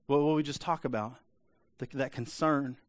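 A man's voice: medium pitch, fairly even intonation, moderate pace, dry recording, studio quality. A man preaching a sermon in a conversational way, often asking the congregation for an amen. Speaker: pastor.

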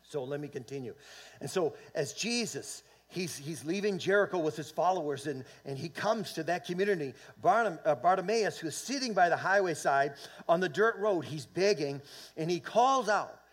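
A man preaching a church sermon, rising into loud fervent swells and calling for amens, often repeating and restarting words. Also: on the high side, lively intonation, moderate pace, breathy edge. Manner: fervent preaching with swells of volume and call-and-response. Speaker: pastor. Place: church sanctuary.

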